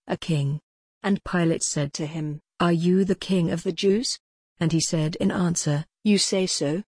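Lady reading the bible aloud, kinda low and husky, dry close sound. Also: darkish tone, no echo. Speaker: scripture reader.

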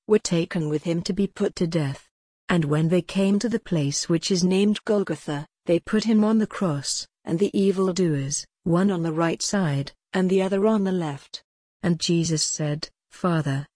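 A woman reads a Bible passage in a steady, measured delivery. Her voice sits a little low, with a mellow, slightly breathy tone. The sound is dry and close. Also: dry recording. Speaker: scripture reader. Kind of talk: scripted Bible reading.

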